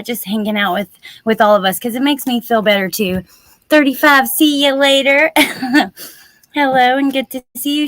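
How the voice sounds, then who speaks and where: A woman's voice: sits high, a bit bright, no echo. A woman hosting a casual livestream, chatty and upbeat, thanking and greeting viewers by name. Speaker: true-crime YouTube livestream host.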